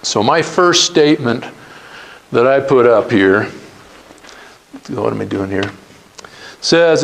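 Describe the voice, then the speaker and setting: A man's voice: mid-range voice, takes it slowly, vocal fry, pauses often, rough recording. A middle-aged man, telling his career story as a guest speaker to students and acting out quoted dialogue. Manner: earnest anecdotal storytelling, acts out quoted dialogue.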